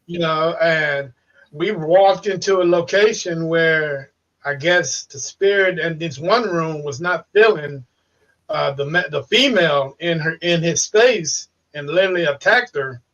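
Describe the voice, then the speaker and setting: Higher-voiced man on a dull distant line. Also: a little slow, fairly bright tone. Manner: swearing, rambling, repeats words. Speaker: paranormal investigator and podcast guest. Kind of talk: casual chat. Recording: dull distant call audio.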